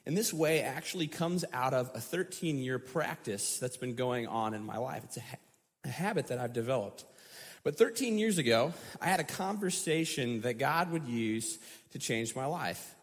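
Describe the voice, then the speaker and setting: Brief: male pastor, reflective sermon, mid-pitched, long church reverb. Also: lively intonation, moderate pace. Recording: echoey hall.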